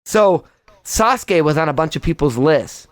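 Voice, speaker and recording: A young man hosts a casual podcast chat, ranting in a heated, profane way. His voice sits a little high for a man, and the sound is close and dry with no room around it. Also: expressive, moderate pace, no echo. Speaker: podcast host.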